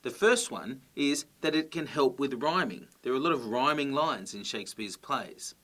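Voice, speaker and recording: A man's voice: mid-range voice, lively intonation, normal speed, pushed and bright. Patient man explaining a grammar lesson. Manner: clear, patient explaining with check-ins. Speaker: teacher.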